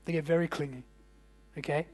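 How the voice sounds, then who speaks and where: A man's voice: on the high side, steady tone, fairly quick, a little mellow. A man coaching a live audience of business owners in a casual, jokey way, asking the room questions. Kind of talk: workshop presentation to a live audience. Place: indoor event room.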